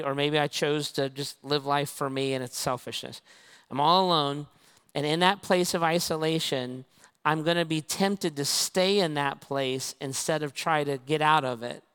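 A man preaching a sermon in a big, echoing hall, his voice smooth and a touch high. He acts out little conversations, switching between the voices in a story. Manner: animated storytelling, acting out both sides of conversations. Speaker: pastor. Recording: long reverb of a large hall.

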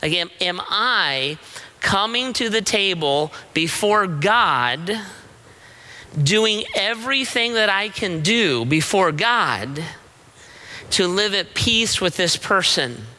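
A middle-aged man preaches in a relaxed, conversational way, building his point through a story from home. He often stops to ask rhetorical questions. His voice sits high for a man and is strikingly bright and sharp. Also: takes it slowly, rough recording. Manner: storytelling with frequent rhetorical "right?" checks. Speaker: pastor. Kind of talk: conversational sermon.

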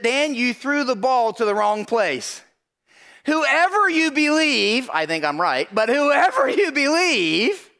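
A man with a very high-pitched voice animatedly recounts a personal story to an audience, performing the voices of its characters and frequently asking "right?".

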